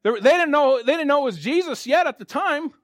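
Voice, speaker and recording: A pastor preaching in a high-pitched voice, talking through scripture like a chat with his congregation. He builds to fervent, emphatic exhortation. The recording is dry and close, with no room sound. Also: expressive, brisk, no echo. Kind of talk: sermon.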